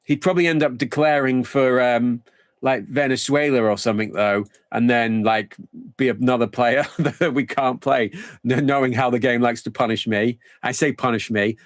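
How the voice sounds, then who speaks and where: A man's voice: medium pitch, fairly even intonation, moderate pace, no room sound, clean studio sound. A man streaming a football management game live, thinking aloud in a rambling, casual way.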